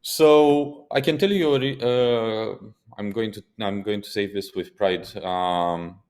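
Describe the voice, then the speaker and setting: A man co-hosting a casual podcast, telling stories in an animated way and swearing for emphasis. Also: lowish voice, slow. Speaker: podcast co-host.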